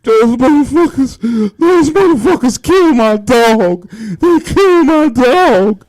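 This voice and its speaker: A man voicing a grown man who is sobbing with grief over his slain dog, his voice loud and cracking high as he wails. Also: animated, slow pace, no room sound, full character voice. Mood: anguished.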